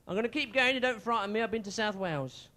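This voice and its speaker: A man's voice: sits high, fast talker, bright, forceful tone. A man doing a stand-up comedy set in a small club, bantering cheekily with the crowd.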